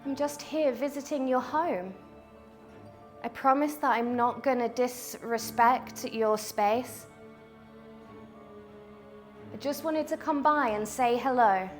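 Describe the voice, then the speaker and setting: A woman vlogging a ghost hunt in an abandoned house, talking to spirits, jumpy and swinging from hushed to loud. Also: on the high side, takes it slowly, pauses often, faint music behind. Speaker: paranormal vlogger. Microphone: small mic on the camera.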